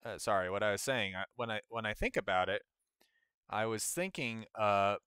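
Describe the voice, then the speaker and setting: A man's voice: lowish voice, moderate pace, bright, forceful tone, smooth, no room sound, studio quality. A man streaming a game, grumbling at it and laughing at himself as he talks. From United States. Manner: grumbling at the game, self-mocking, laughs often. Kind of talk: casual gameplay commentary.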